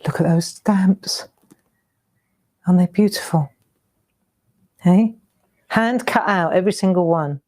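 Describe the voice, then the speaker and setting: Woman, middle-aged, craft show host, chatty, slow, lowish voice. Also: a little mellow. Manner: chatty, exclaims over old keepsakes. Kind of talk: casual live-stream chat.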